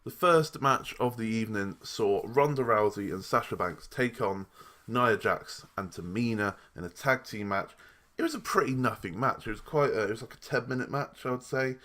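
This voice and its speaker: A man's voice: medium pitch, normal speed, pushed and bright. A young man giving a casual, rambling review of a wrestling show. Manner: chatty and rambling, with restarts and asides.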